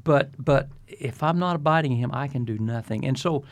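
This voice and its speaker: Older man, retired pastor, earnest, preacherly, repeats words when starting, medium pitch. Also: a little fast. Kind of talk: reflective interview talk.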